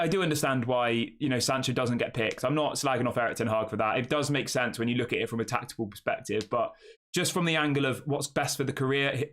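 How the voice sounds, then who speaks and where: Chatty fan show host. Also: male voice, mid-range voice, fairly bright tone. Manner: chatty, reads out viewer comments and answers them. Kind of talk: casual live-stream chat.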